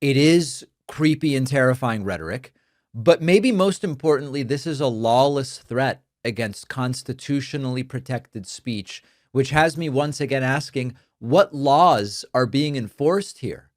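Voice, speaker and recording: A male host whose first language is Spanish gives an emphatic, argumentative political commentary monologue, expressive and a little slow. His pitch is in a typical middle range for a man. The recording is close and dry, with almost no room sound.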